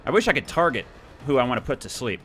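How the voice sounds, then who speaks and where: A young man giving excitable, playful let's-play commentary, taunting the players as he goes. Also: mid-range voice, fast talker, a little hiss or hum. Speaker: gaming YouTuber.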